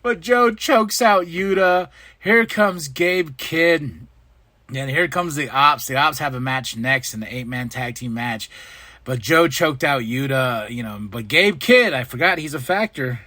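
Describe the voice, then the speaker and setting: A man's voice: a little high, unhurried, bright, forceful tone, no echo. A man hosting a podcast, casually recapping wrestling shows, laughing often and acting out quotes. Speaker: podcast host.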